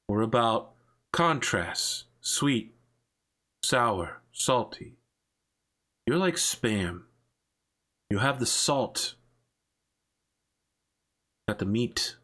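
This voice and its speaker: A man voicing an older male crime boss and father who speaks with cold, menacing calm. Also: medium pitch.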